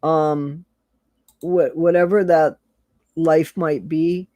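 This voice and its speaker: A man's voice: a little high, steady tone, very slow, warm tone, no room sound. A man hosting a casual live stream, talking earnestly and emotionally, swearing now and then and greeting viewers from the chat by name.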